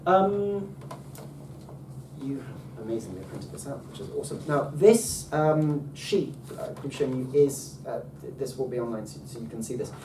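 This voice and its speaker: Guy with a mellow voice running a relaxed language lesson, lots of ums, echoey room, mic a bit far off. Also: medium pitch, normal speed. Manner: enthusiastic, many ums and restarts. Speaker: teacher. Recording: roomy, distant mic, faint background noise.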